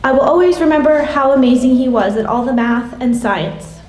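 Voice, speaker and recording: A woman in her late thirties reads a eulogy aloud, measured and gentle, her voice sitting a little high. She is heard from some way off, with the sound ringing around a church hall. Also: animated. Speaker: classmate giving a memorial tribute. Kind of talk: reading a prepared eulogy. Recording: echoey hall from a distance.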